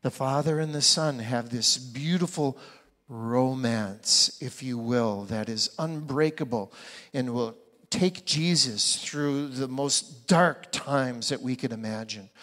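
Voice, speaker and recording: A man's voice: medium pitch, slow, fairly bright tone. A man preaching a sermon as pastor, asking the congregation rhetorical questions and pressing his points with emphasis. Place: church sanctuary. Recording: long reverb of a church hall.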